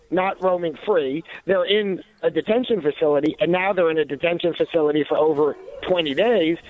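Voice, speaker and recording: A man's voice: high voice, no room sound, narrow, tinny audio. A man giving indignant, sarcastic talk radio commentary, with many restarts and asides.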